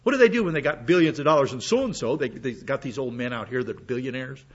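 A man's voice: mid-range voice, expressive, fast, breathy edge. A man preaching a sermon in a folksy, conversational way, full of asides, while he is sick with a cough. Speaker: pastor. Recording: dull lo-fi sound.

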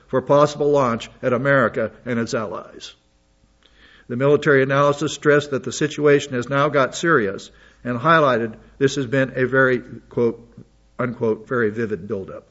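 A man's voice: medium pitch, fairly bright tone. A man reading news articles aloud and adding his own comments and asides. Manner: reads aloud with asides and restarts. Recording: dull lo-fi audio.

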